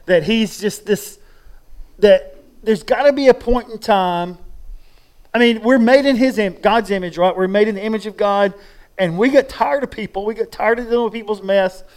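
A male pastor preaching a sermon in a relaxed, conversational way, drawing his listeners into an imagined scene. His voice sits notably high for a man. He talks with feeling, often putting words into imagined people's mouths as he tells the story.

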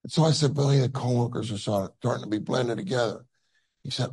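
Guy preaching, tells a story all chatty with lots of you-knows, gravelly and really husky. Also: medium pitch, fast, a little mellow, poor audio. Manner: conversational, full of asides and fillers; tender and earnest when recalling. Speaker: conference speaker. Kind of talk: storytelling sermon.

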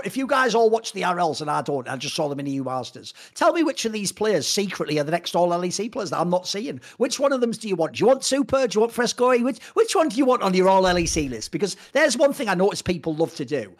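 British male co-host, quick-talking, slightly high voice, punchy and sweary. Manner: emphatic, combative, swears freely. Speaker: podcast co-host. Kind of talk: casual esports discussion.

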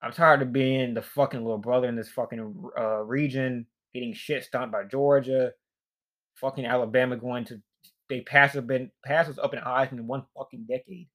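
A man's voice: medium pitch, fairly even intonation, moderate pace, a bit bright. A young man rambling in a tired, frustrated, profane rant, worn out and fatigued. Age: young adult. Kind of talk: casual rant.

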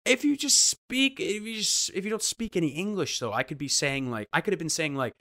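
Animated man telling a story. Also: on the high side, brisk. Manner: animated, acts out quoted voices, restarts often. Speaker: guest storyteller. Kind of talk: casual anecdote telling.

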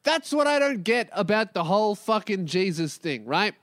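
A young man rants loudly on his own podcast, swearing constantly and hopping from one topic to the next. His voice sits fairly high, and the recording is dry with no room sound. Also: big pitch swings, moderate pace, no room sound. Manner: profane, yelling and ranting, jumps between topics. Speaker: podcast host. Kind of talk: solo comedic podcast rant.

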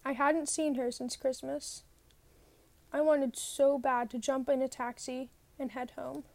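A woman with a high-pitched, darkish voice reads an audiobook in the first person, unhurried and level, with no echo. She narrates plainly, occasionally rereading a line.

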